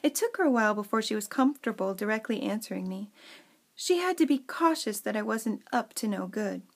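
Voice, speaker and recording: A woman's voice: mid-range voice, lively intonation, fairly quick. A young adult woman casually showing her craft journal and reading its fairy story aloud with dramatic flair. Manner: reads story passages with dramatic flair, chatty asides.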